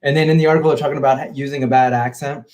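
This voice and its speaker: A man, an independent filmmaker, telling stories in a relaxed, rambling way as a podcast guest. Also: medium pitch, racing. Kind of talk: casual interview chat.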